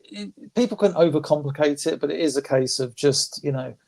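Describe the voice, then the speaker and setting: A man's voice: a little high, brisk, creaky, darkish tone. A man chatting casually on a podcast, rambling with restarts and swearing. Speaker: podcast regular. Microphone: phone.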